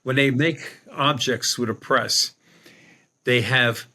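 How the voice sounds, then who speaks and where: A man's voice: medium pitch, fairly even intonation, takes it slowly, pushed and bright. An older man, a podcast guest telling a rambling anecdote with many restarts. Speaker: guest, psychic medium. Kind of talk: storytelling in a podcast interview.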